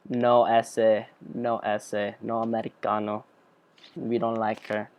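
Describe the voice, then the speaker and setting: A man's voice: on the low side, little pitch movement, slow, darkish tone, clear, resonant tone. Young man doing a muttered, dismissive mock-British snob.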